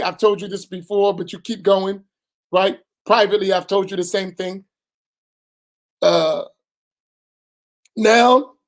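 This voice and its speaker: A man, an imam teaching a religious lesson in a direct, admonishing way, often tagging "right?" onto his points. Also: very high-pitched.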